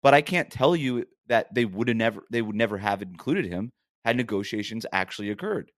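A man's voice: on the low side, lively intonation, a little fast, dry recording, studio quality. A man hosting a sports podcast, arguing his points emphatically in a casual monologue with frequent rhetorical questions.

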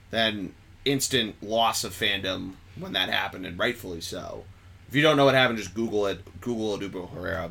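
A man hosting a podcast, chatting casually and excitably about sports, rambling and correcting himself as he goes. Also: lowish voice, creaky, breathy edge. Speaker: podcast host.

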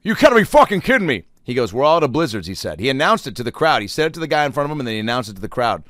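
Comic monologist, male, profane and rambling, animated pitch, loud bursts when quoting. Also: very fast, dry recording, clean studio sound. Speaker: comedian.

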